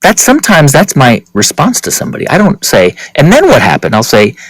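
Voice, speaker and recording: A male podcast guest with a very lively, swinging delivery, acting out the voices in his stories. Recorded dry and close, with almost no room sound. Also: fairly high pitch, brisk, slightly rough, no echo, poor audio. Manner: animated storyteller, acts out quotes. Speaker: podcast guest, interviewer of founders. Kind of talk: conversational interview.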